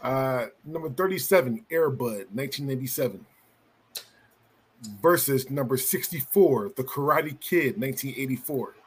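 A man's voice: mid-range voice, moderate pace, a little hiss or hum. A man hosting a casual podcast, reading out vote results and chatting easily between them. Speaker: podcast host.

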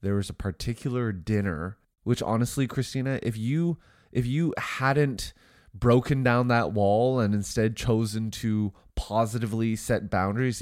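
A man's voice: medium pitch, darkish tone, no echo, studio quality. A man co-hosting a casual faith-based marriage podcast, with a congested, nasal voice from allergies. He sounds earnest and often repeats words as he starts a sentence. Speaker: co-host.

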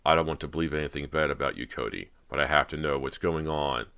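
Guy doing a soft-spoken stern director, suspicious, super deep, audiobook. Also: fast, creaky, clean tone, full character voice.

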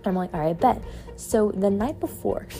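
A woman's voice: mid-range voice, moderate pace, faint music behind. A young woman telling a dating story in casual talk, exasperated and swearing. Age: young adult. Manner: exasperated, swearing, animated retelling. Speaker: podcast host.

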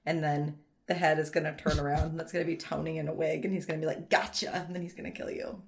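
A woman's voice: low voice, little pitch movement, fast talker, vocal fry. A woman co-hosting a podcast in casual chat, with dry, teasing asides. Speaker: podcast co-host.

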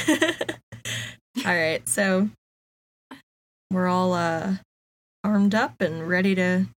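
A woman's voice: on the low side, steady tone, drawn-out words. A woman playing a tabletop game, making dry, wry remarks in casual chat. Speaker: player.

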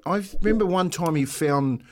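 A man with a New Zealand accent co-hosting a show, telling stories with lots of laughter and lively banter. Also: on the high side, normal speed. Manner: laughing, storytelling, excitable. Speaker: radio show co-host. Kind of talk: casual banter.

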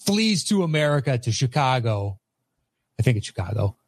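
A man's voice: mid-range voice, very animated, normal speed, dry recording, studio quality. A man co-hosting a casual movie chat, recapping plots in a rambling way with filler words. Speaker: podcast co-host.

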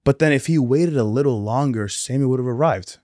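A man's voice: mid-range voice, brisk, dark tone, dry recording, studio quality. Laid-back young man retelling stories. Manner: laid-back storytelling with slang and frequent "like". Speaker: podcast co-host. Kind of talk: casual faith podcast chat.

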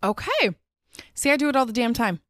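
A woman's voice: on the high side, brisk, dry recording, clean studio sound. A woman hosting a podcast, chatting frankly and expressively with plenty of swearing. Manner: blunt, expressive and profane. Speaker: podcast host. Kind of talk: frank casual chat.

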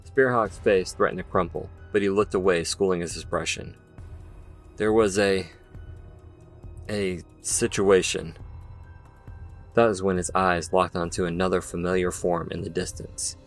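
Deep-voiced man narrating a story. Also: steady tone, soft background music. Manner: measured, dramatic storytelling. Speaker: audiobook narrator. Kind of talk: scripted narration.

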